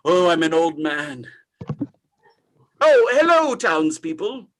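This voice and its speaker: An actor improvising a greedy, remorseful old miser on a live stage, theatrical and overwrought. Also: male voice, a little high, sing-song, takes it slowly, fairly bright tone, full character voice. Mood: pained.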